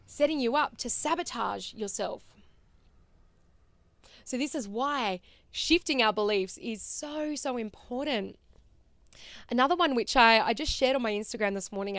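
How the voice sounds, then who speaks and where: A woman in her thirties with an Australian accent, hosting a podcast and telling a personal story in a chatty, animated way with fillers. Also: a little high, vocal fry, dry recording. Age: 30s. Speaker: podcast host.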